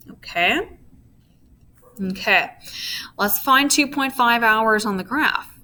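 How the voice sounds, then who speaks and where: A woman's voice, a little high, animated, slow, pushed and bright, teaches a recorded physics lesson. She goes step by step, checks in with students by asking "okay?", and tosses in playful asides.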